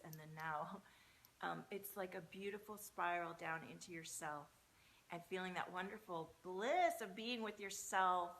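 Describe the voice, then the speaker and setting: A woman hosting a live tarot stream, talking in an effusive, breathy, spiritual way in a large high-ceilinged room. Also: a bit bright, a little hiss or hum. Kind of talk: casual live-stream chat. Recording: muffled, echoey room sound.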